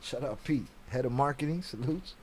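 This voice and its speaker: A man's voice: medium pitch, animated, normal speed, darkish tone, a little hiss or hum. A man hosting a casual live stream, reading chat aloud and talking bluntly with heavy profanity and frequent laughs.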